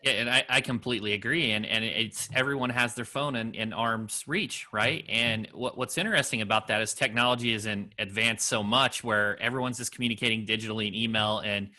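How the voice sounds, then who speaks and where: A man's voice: fairly low pitch, fairly even intonation, fairly quick, hardly any pauses, bright, forceful tone. A man hosting an interview podcast, agreeable and repeating words as he starts his sentences. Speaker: podcast host. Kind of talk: casual interview talk.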